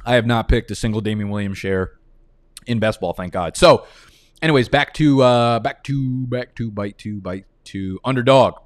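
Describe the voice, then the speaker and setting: A man with a mid-range voice hosts a live-streamed fantasy football draft, rambling casually and swearing freely. He talks at a normal speed, and the recording is dry.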